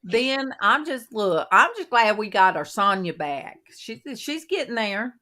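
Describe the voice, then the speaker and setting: A middle-aged woman hosting a casual chat, telling folksy stories in an animated way and quoting herself. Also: mid-range voice, unhurried. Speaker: host of a Christian women's coffee talk panel.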